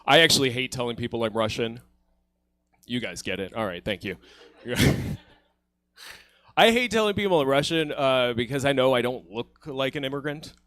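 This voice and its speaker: Casting: Ukrainian-born comic, animated delivery, dry close mic. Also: male voice, medium pitch, no room sound. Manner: self-deprecating, playful. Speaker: stand-up comedian. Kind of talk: stand-up comedy set. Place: comedy theater stage.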